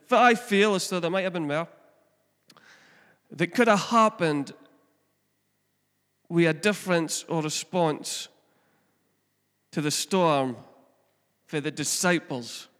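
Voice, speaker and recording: Pastor in a reverberant hall. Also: male voice, high voice, slow pace, long pauses, a bit bright. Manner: chatty, asks the congregation questions, tells family stories. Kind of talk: conversational sermon.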